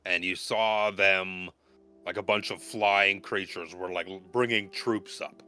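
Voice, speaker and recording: A man narrating as game master of a tabletop game, telling the story in an animated, expressive way. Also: deep voice, unhurried.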